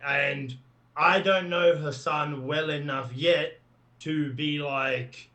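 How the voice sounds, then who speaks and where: A man's voice: a little high, fairly even intonation, takes it slowly, bright, forceful tone. A man talking as a wrestler guest in a casual, jokey interview, swearing freely. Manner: jokey, swearing, puts on a French character voice.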